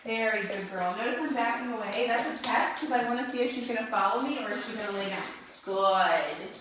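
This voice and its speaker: A woman's voice: fairly high pitch, a little fast, background noise. A woman dog trainer explaining drills and giving short commands to a dog during an indoor training demo. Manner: explains calmly, then gives short crisp commands to a dog. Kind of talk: instructional demonstration. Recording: very echoey room, voice far from mic.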